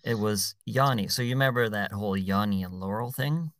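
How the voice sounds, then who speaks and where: A man's voice: fairly low pitch, a little fast, a bit bright, dry recording. A man in his fifties talking casually, telling stories in a dry, matter-of-fact way. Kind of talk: casual chat.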